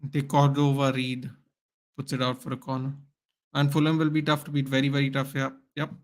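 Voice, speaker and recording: A man's voice: mid-range voice, monotone, a little fast. A man hosting a live football watchalong, calling the play as a partisan fan and chatting with viewers. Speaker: watchalong host.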